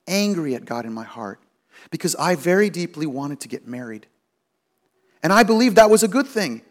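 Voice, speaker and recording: Middle-aged male pastor, high-pitched, storytelling sermon delivery. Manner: storytelling, acts out quoted voices with rising pitch.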